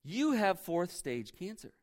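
A man's voice: sits high, sing-song, a little slow. A man preaching puts on a sneering male devil who whispers doubts and mocks the listener. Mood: mocking. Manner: mocking, taunting.

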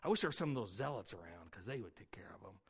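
A man's voice: lowish voice, big pitch swings, racing, gravelly, husky, pitched below the performer's own voice, heavily acted. A preacher playing a bitter young man who grumbles under his breath about soldiers. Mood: grumbling. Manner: muttering, half-whispered.

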